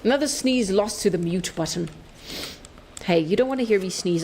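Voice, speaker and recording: A woman's voice: mid-range voice, moderate pace, a little mellow, slight background noise. A woman streaming a game, chatting away casually, playful, laughing often and swearing freely. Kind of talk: casual live-stream chat while playing.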